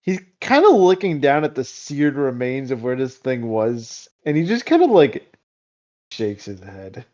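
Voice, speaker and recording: A man's voice: medium pitch, big pitch swings, a little slow, darkish tone. A man casually narrates his character's reactions in a tabletop game. He is recorded on a dull, lo-fi mic. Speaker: player.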